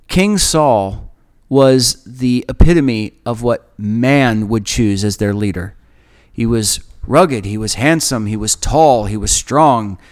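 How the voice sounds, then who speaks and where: A man leads a Bible study on a podcast, reflective and earnest. He talks conversationally, leaning on pauses to stress his points. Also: medium pitch.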